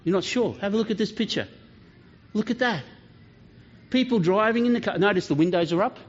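In a church hall, a man with a high, animated voice speaks fairly quickly as a children's pastor, joking around and quizzing the kids during a playful talk. The audio has that dull lo-fi church sound.

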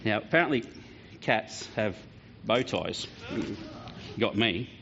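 A man's voice: lowish voice, lively intonation, slow, vocal fry, a bit bright, slight background noise. A man giving a playful, joking children's talk in church, quizzing the kids as he goes. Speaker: children's pastor. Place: church hall. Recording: dull lo-fi church sound.

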